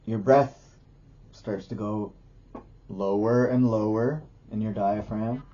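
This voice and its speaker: A man talks to camera about his yoga practice in a dark, husky voice, rambling loosely and restarting his thoughts. The sound is dull and muffled. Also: fairly low pitch, fairly even intonation, slow. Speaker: yoga teacher and video creator. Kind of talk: casual talk to camera.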